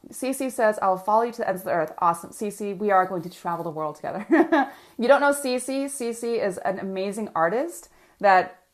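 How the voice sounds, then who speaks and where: A woman business coach with a mid-range voice and moderate pace talks energetically to viewers during a live coaching session, reading out their comments.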